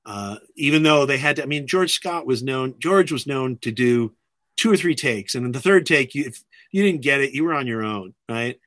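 A man, a filmmaker guest, telling lively stories in a casual interview, often restarting his sentences. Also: mid-range voice, moderate pace, dry recording. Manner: lively anecdotal, many restarts.

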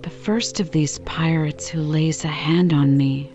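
A woman's voice: low-pitched, steady tone, unhurried, mellow, muffled recording, faint music behind. A woman reading the lines of a furious Canadian harpooner in an audiobook, in an angry, blustering manner. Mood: indignant.

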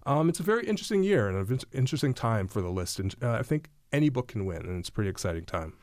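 A man's voice: mid-range voice, sing-song, racing, a little mellow, no echo, studio quality. A man on radio discussing shortlisted novels with enthusiasm, explaining each book with some fillers. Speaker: books columnist.

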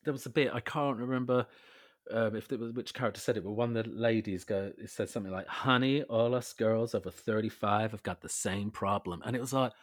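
A man co-hosting a podcast, chatting casually about an old film with wry, drawn-out emphasis and quoted lines. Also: fairly low pitch, no echo, studio quality. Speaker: podcast co-host.

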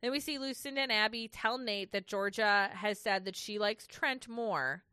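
A woman's voice: medium pitch, moderate pace, bright, forceful tone, clean tone, dry recording, clean studio sound. A woman co-hosting a casual recap podcast, ranting, swearing and laughing as she goes. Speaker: podcast co-host.

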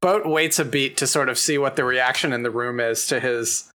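A man who is a player in a tabletop game, talking in a relaxed and playful way. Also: medium pitch, moderate pace. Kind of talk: casual tabletop game play.

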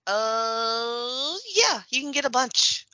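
A woman's voice: on the high side, takes it slowly, bright, forceful tone, dry recording. A woman guesting on a casual podcast, chatty and laughing easily, with lots of "like". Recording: dull dry lo-fi audio.

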